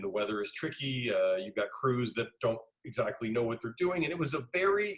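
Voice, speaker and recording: A middle-aged man, a film director being interviewed, telling lively anecdotes and acting out the dialogue he quotes. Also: medium pitch, low-quality recording. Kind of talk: casual interview storytelling.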